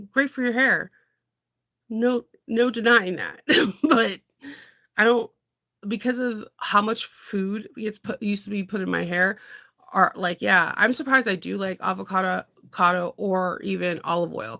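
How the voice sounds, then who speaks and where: A woman's voice: mid-range voice, moderate pace, creaky, pushed and bright. A woman in casual chat, rambling through stories with frequent laughter. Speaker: content creator.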